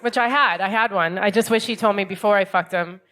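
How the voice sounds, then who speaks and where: An American woman in her thirties performing stand-up comedy in a club, wry and deadpan, acting out other people's lines. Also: medium pitch, brisk, very noisy. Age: 30s.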